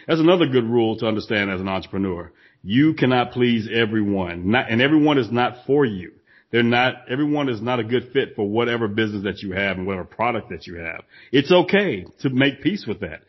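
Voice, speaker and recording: A man's voice: mid-range voice, husky, highs cut off. A man co-hosting a casual business chat, emphatic and repeating phrases for stress. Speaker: podcast co-host, former gym owner.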